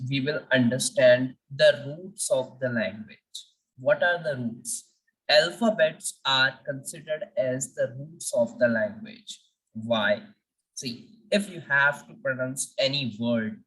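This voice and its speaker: A woman teaching a French language lesson, speaking slowly and deliberately and repeating letters for practice. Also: extremely low pitch, recorded from a distance, rough recording.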